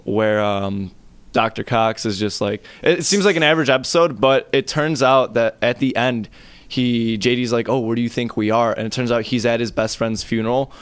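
A man's voice: mid-range voice, moderate pace, smooth. A young man co-hosting a casual podcast, telling stories bluntly and swearing freely. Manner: blunt, profane, animated storyteller. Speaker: podcast co-host. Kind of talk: casual chat.

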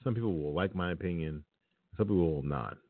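Blunt deep-voiced man on a phone line. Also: a little fast, no room sound. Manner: blunt and opinionated, speaks directly to listeners. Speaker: podcast talk-show host. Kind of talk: casual spoken monologue.

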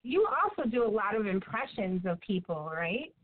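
A woman's voice: medium pitch, sing-song, moderate pace. A woman hosting an interview who responds to her guest in an encouraging way. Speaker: interview host. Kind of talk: interview chat. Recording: tinny phone-like line.

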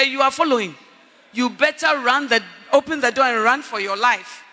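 High-pitched, fervent male preacher in hall. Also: brisk. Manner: emphatic, shouting at peaks, calls for Amen. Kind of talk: sermon. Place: large conference hall. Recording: echoey hall reverb.

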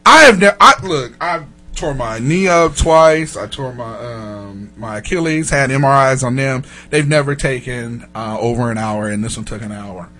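A man telling a long story in a casual chat, animated and profane, laughing often and acting out the other people in it. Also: mid-range voice, normal speed, few pauses. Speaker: podcast host telling a story.

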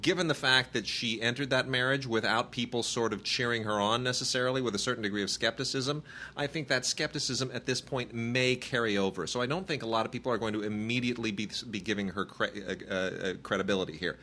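A man's voice: medium pitch, fast, pushed and bright, slight background noise. A man in his thirties, a podcast co-host, chatting casually about movies and rambling with many restarts. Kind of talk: casual chat reviewing movies.

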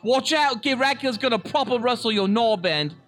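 A man's voice: extremely high pitch, animated, a bit bright, soft background music, pitched above the performer's own voice. A man voicing a boozy British pub lad in a put-on British accent, stretching out the lines. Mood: hamming. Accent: put-on British, drifting. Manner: exaggerated, drawn-out delivery.

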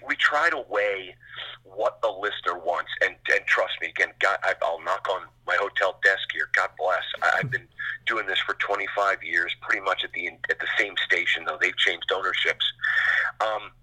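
Low, forceful, husky middle-aged man. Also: poor audio. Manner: rambling, animated storyteller with quick asides. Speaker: sports radio host. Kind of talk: casual interview chat.

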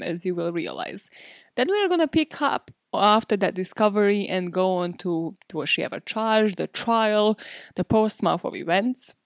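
A woman's voice: mid-range voice, no room sound, studio quality. A woman hosting a true crime podcast, talking in a casual, candid way, with frequent fillers and swearing. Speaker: podcast host.

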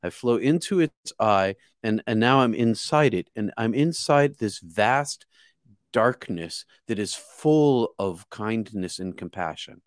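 A man's voice: lowish voice, animated, slow, no echo, clean studio sound. Man from near Boston telling a story. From outside Boston, US. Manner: earnest and vivid, with many repeated words and restarts. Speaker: guest. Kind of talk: casual spoken storytelling.

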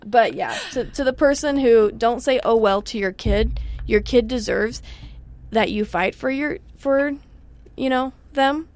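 A woman's voice: on the high side, a little mellow. A young woman co-hosting a casual chat show, trading stories and laughing with her co-host. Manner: chatty, quick bursts when telling stories. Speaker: podcast co-host.

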